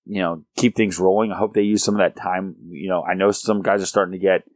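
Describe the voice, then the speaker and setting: Low-voiced young man in excited sports chat. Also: fast, no echo. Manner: animated, rises in pitch when excited. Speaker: podcast co-host.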